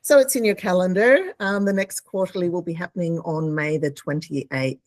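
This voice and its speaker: A woman's voice: fairly low pitch, normal speed, no room sound. Friendly woman co-hosting a webinar. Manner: friendly, filler-heavy. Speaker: webinar co-presenter. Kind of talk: live webinar presentation.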